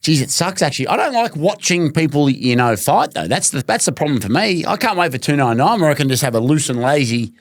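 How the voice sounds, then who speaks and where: Jokey Australian man, animated and higher-pitched. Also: fast talker, few pauses, no room sound. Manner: jokey, playful banter. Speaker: podcast co-host. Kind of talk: casual sports chat.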